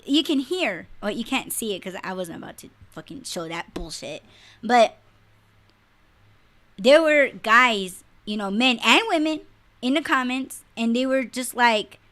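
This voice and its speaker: Blunt, profane woman with a bright voice. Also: fairly high pitch. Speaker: podcast co-host. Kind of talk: casual livestream podcast rant.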